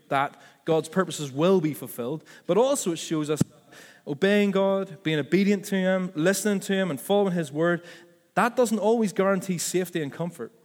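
A man's voice: high-pitched, long reverb tail. A man preaching a sermon as pastor, conversational and full of asides and self-corrections.

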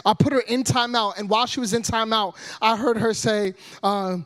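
A man in his thirties giving a humorous sermon as a guest preacher, loud and animated, joking with the congregation. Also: high-pitched, moderate pace, hardly any pauses.

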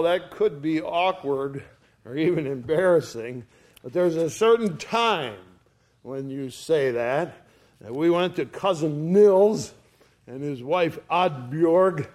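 Folksy storytelling pastor, slightly high voice. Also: male voice. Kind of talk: sermon.

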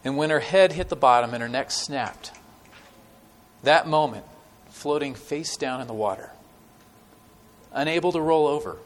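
A little hiss or hum runs under this recording of a male guest preacher whose voice sits on the high side. He shares stories with the congregation in a conversational way, using many fillers and pausing for drama.

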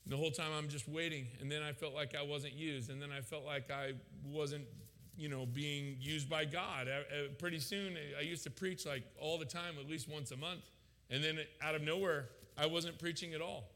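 Pastor guy, 30s, bright pushy voice, big hall echo, stammers and gets loud. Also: a little high, normal speed. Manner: animated, rising to loud emotional peaks; frequent fillers and stammered restarts. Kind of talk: sermon storytelling. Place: church sanctuary. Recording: long hall reverb.

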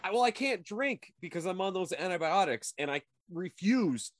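A man's voice: high-pitched, expressive, moderate pace, a little hiss or hum. A young adult man co-hosting a podcast, joking crudely in a laid-back way while stoned and getting over a sinus infection. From Reno, Nevada, USA. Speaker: podcast co-host. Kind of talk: casual comedic podcast banter.

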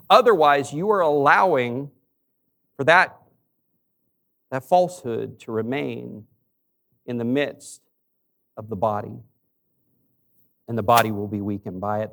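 A middle-aged man preaching a sermon as a pastor, telling a personal story with shifts between quiet confession and raised emphasis. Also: fairly high pitch.

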